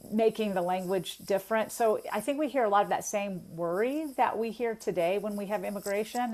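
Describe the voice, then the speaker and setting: A woman sociolinguist explaining accents in a podcast conversation, thoughtful and clear. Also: fairly low pitch. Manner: thoughtful, explanatory, occasional light laugh. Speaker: sociolinguist guest.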